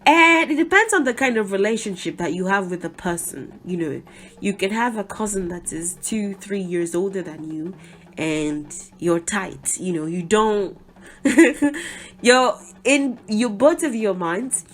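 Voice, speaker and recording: A woman's voice: medium pitch, unhurried, fairly bright tone. Chatty woman teaching. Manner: chatty, explains with asides and small laughs. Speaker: Yoruba language teacher. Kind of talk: explaining a language lesson.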